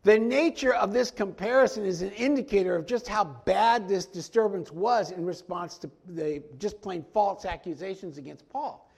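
A man preaching a conversational verse-by-verse sermon, animated and folksy, often stepping into the story to act out the characters. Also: high-pitched, normal speed, creaky, hardly any pauses. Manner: animated, acts out quoted lines in the story; folksy, frequent "I mean" asides. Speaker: pastor teaching a Bible study.

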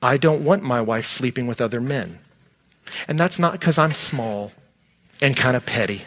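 A middle-aged man, a pastor preaching a sermon in a conversational, animated way. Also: mid-range voice, moderate pace, a little hiss or hum.

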